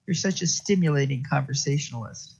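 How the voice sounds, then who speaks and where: A tough, snappish female detective trading barbs with her partner, read aloud by a man. The voice is slightly raised and gravelly, with some husky breath in it, and it comes through a dull, lo-fi recording. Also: mid-range voice, fairly quick, darkish tone. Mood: sarcastic. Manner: snappish, profane banter.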